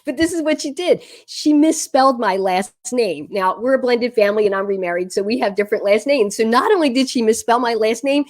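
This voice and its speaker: A middle-aged woman and parenting coach tells a story in an advice video, animated and laughing at her own tale. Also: on the high side.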